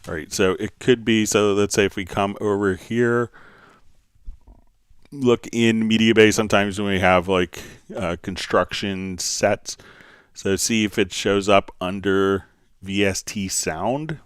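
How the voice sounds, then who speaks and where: A man hosting a live software tutorial, answering viewer questions and thinking aloud as he clicks through menus. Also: fairly low pitch, fairly even intonation, a little slow, clear, resonant tone, no echo, clean studio sound. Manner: thinking aloud, many fillers.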